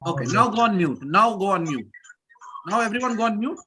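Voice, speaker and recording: A woman teaching English pronunciation in a live online class over a video call, drilling students and repeating words slowly with clear stress. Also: medium pitch, expressive, crowd noise.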